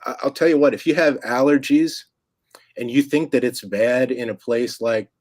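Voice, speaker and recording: A man from Staten Island with a faint New York accent, a filmmaker guest chatting in a relaxed way on an interview show. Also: mid-range voice, normal speed, no echo. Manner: relaxed and chatty, with many fillers. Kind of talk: casual interview chat.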